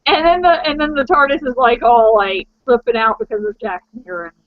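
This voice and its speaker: Chatty woman with a high voice. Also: brisk, no room sound. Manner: chatty, laughs along. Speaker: podcast co-host. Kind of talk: casual fan chat. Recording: dull dry lo-fi podcast audio.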